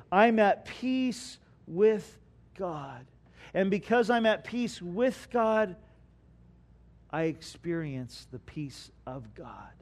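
A man preaching a sermon as pastor, asking his congregation questions and swinging from hushed lines to loud bursts. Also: on the high side. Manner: preaching with dramatic swings between quiet and loud; asks the congregation rhetorical questions.

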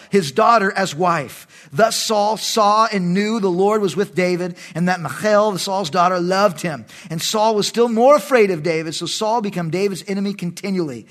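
Pastor, male, high-pitched, reads the text then drops into casual, joking side comments. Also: fairly bright tone. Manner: reads scripture aloud, breaks off for casual asides and jokes. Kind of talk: Bible study reading with commentary.

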